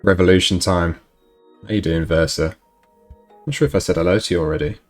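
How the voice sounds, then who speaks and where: A man's voice: low voice, a little fast. A man hosting a live stream, chatting with viewers and reading news while putting on an exaggerated mock Russian accent. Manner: chatty, talks to viewers in chat. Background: faint background music.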